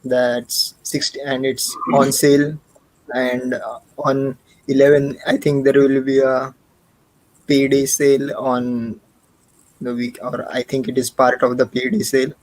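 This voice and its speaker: A man co-hosting a relaxed online chat, thinking aloud in slow, measured speech. He often stops and restarts mid-sentence, and his voice sits at an average male pitch. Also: rough recording. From India. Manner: hesitant, frequent restarts. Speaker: co-host. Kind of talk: casual livestream chat.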